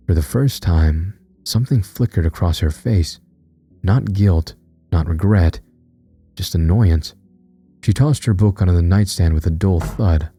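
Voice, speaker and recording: Male horror narrator: very low, dark, husky tone, tense dramatic reading, soft music under it. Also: measured pace, no room sound.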